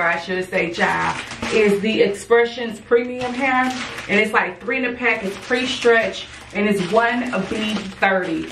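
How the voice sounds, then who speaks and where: A woman's voice: medium pitch, a little slow, roomy sound, recorded from a distance, noisy background. A tired woman chatting casually and playfully while she braids her own hair late at night. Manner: chatty, playful, sassy asides. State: tired, yawning. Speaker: beauty vlogger. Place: home at night.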